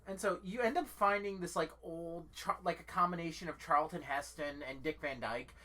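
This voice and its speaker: A woman's voice: lowish voice, normal speed, pushed and bright. A woman hosting her own channel, rambling casually about a game she loves, swearing freely and restarting sentences often. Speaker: channel host.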